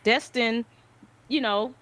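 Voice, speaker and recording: A woman's voice: on the high side, slow, fairly bright tone, no room sound. A young adult woman co-hosting a casual entertainment news chat, opinionated and emphatic. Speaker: podcast co-host.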